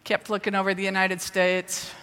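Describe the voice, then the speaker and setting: A woman from the Midwest giving a lively storytelling talk to an audience. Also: medium pitch, normal speed, slight background noise. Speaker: speaker at a ministry event. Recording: reverberant hall.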